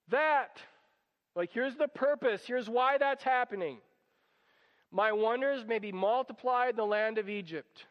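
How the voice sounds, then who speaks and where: High-voiced man preaching in a reverberant hall. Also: unhurried. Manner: animated, acts out quoted voices. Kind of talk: sermon. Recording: dull sound with long hall reverb.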